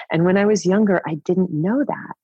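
A woman in her fifties, a podcast guest telling a personal story candidly, with a breathy voice, laughing often and swearing casually. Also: lowish voice, normal speed, no echo. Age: 50s. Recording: dull, dry podcast audio.

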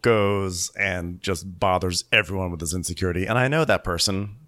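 A man co-hosting a podcast, recapping a reality show in casual chat and jumping into high mock voices to imitate the people on it. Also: normal speed, sharp tone. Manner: jokey, mimics people in high falsetto voices. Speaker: podcast co-host.

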